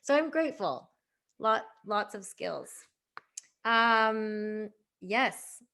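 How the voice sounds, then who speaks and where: A woman's voice: mid-range voice, expressive, very slow, vocal fry, pushed and bright. A woman hosting a casual group video call, bubbly and laughing often as she reads out what others write in the chat.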